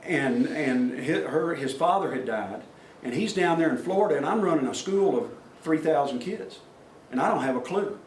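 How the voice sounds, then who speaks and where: Speaking at a workplace safety meeting, this middle-aged man has a slightly high voice, lively intonation and a normal pace. His stories are folksy and plain-spoken, and he acts out quoted voices for the audience. The meeting-room recording is distant and echoey, with a little background noise.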